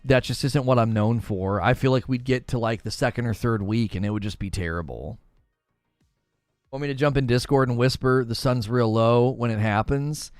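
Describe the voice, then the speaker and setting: A man's voice: medium pitch, clean tone, no room sound. A man streaming, chatting casually with viewers in a rambling, laughing manner. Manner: rambling, self-interrupting, laughs often.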